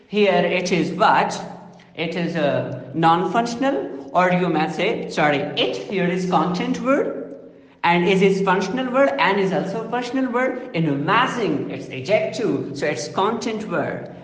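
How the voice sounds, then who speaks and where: A man lectures at an unhurried pace, his pitch rising and falling animatedly as he explains. His words ring out in a roomy space with a long reverb tail. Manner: slow, deliberate explaining with self-corrections. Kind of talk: recorded lecture on phonology.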